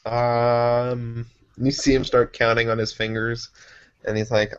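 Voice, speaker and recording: A man running a tabletop game as game master, with a playful, stammering delivery and frequent laughter. His voice sits at an ordinary pitch for a man. The sound is dull and lo-fi. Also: flat delivery, measured pace, smooth.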